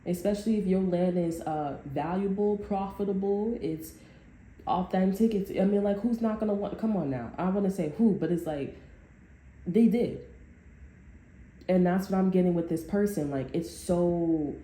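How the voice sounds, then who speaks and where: A woman with a low, very dark and mellow voice, rambling and swearing emphatically as she gives a casual tarot reading. She sounds like she is in an echoey room, with a faint hiss of noise behind her. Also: normal speed. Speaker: tarot reader. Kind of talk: casual unscripted tarot monologue.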